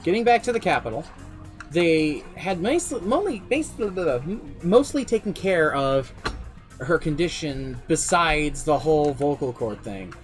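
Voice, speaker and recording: Male streamer narrating his campaign, animated, a bit high-pitched, soft music bed. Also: measured pace. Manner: animated, swearing, shifts pace often. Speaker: streamer and game master. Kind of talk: casual storytelling recap. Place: home streaming setup.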